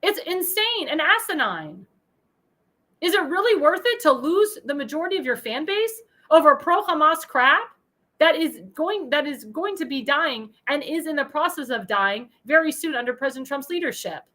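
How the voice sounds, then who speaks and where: A heated woman talk show host with a high, bright voice that jumps all over the place. She rants in a political monologue, hurling insults and breaking into angry shouts. Her tone stays sharp and agitated throughout. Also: big pitch swings, moderate pace, rough recording. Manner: shouts in bursts of anger.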